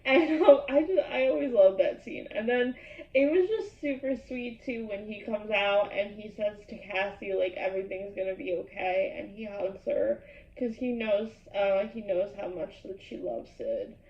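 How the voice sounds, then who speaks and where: Gushing woman with a gravelly voice. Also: mid-range voice, lively intonation, measured pace. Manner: gushing, lots of "like" fillers. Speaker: YouTube host. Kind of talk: episode reaction vlog. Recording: echoey room, far from a dull mic.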